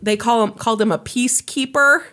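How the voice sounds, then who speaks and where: Animated woman telling a crime story. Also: brisk. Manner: animated, laughs, rises high when excited. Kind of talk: casual true-crime chat.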